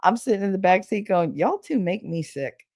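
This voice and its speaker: A woman's voice: mid-range voice, animated, moderate pace, darkish tone, no echo, studio quality. A woman hosting a podcast, telling stories in a blunt, profane, casual way, laughing as she goes. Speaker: podcast host. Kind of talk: casual storytelling chat.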